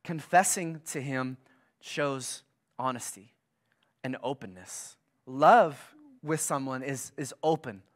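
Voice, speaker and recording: A man in his thirties preaching a sermon, telling a family story in a casual way and repeating phrases for emphasis, going from loud, animated bursts to hushed, near-whispered lines. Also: medium pitch, slow. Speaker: pastor.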